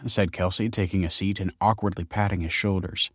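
Low-voiced man narrating a story. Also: little pitch movement, a little fast, hardly any pauses, slightly rough, no echo, studio quality. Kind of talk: audiobook narration.

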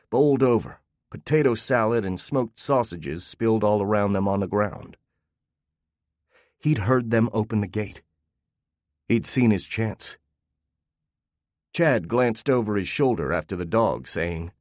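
A man narrating a first-person story in a steady, even storytelling manner. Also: fairly low pitch, no echo, studio quality.

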